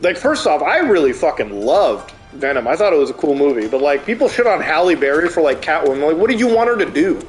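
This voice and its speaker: A man's voice: a little high, fast, hardly any pauses, faint music behind. A man streaming a game, chatting casually and ranting with plenty of swearing. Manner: profane, animated ranting. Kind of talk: casual chat while gaming.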